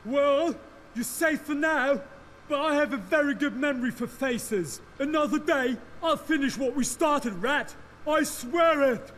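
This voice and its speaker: An actor playing a brutal, hateful patrol guard who bullies and threatens in a video game, with game music behind. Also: male voice, very high voice, a little slow, slight background noise. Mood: menacing. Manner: bullying, threatening, shouting.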